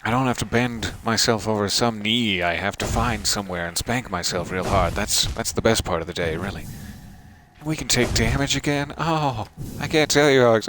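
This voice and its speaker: A man's voice: on the low side, background noise. A young man casually commenting while he plays a game, playful, theatrical and self-mocking. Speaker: game streamer.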